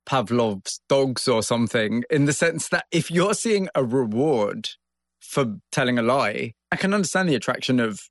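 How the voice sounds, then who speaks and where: A man hosting an interview, asking curious questions and reflecting on the answers. His voice sits at a middle pitch. The recording is dry and close to the mic. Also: lively intonation, moderate pace, no echo. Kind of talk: interview conversation.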